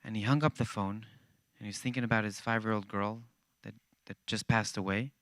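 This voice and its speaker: A man preaching to a church congregation, acting out each character in his story with lively energy. His voice is bright and smooth, and it is recorded close and dry. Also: lowish voice, a little fast, no echo. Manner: animated storyteller acting out dialogue. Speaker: guest speaker at a church.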